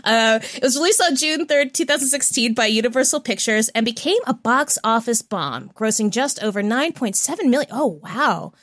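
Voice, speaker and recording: A woman's voice: fairly high pitch, expressive, fairly bright tone, dry recording. A young woman co-hosting a podcast, reading show notes with lots of laughing and jokes. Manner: giggly, reads haltingly and jokes. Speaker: podcast co-host.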